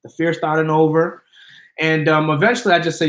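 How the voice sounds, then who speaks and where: A man's voice: on the high side, lively intonation, fast. A man in his twenties, a guest, telling his life story earnestly in a casual interview and acting out the people he quotes. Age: 20s. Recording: roomy echo.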